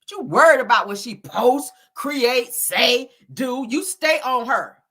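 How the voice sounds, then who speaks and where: A woman's voice: on the high side, animated, measured pace, sharp tone. A woman host giving sassy, mocking gossip commentary, exasperated and teasing.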